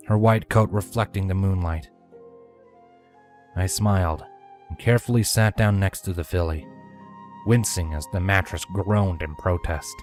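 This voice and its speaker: A man narrating a fanfiction story in measured first person, dropping to a hush for his own dialogue, with faint music behind. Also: low voice. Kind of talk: fanfiction audiobook reading.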